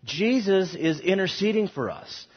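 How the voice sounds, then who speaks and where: A man's voice: high-pitched, lively intonation, unhurried, breathy edge. Emphatic man teaching scripture, echoey hall. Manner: emphatic, rising on quoted scripture, with restarts. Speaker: Bible teacher. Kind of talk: classroom Bible lecture. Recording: dull audio in a long-echo hall.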